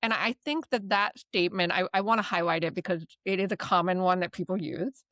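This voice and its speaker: Here the DBT instructor and podcast host has a lowish, steady voice, fairly quick and a bit bright, captured dry. She teaches therapy skills conversationally, keeps checking in with "right?", and lets light laughter slip into her sentences.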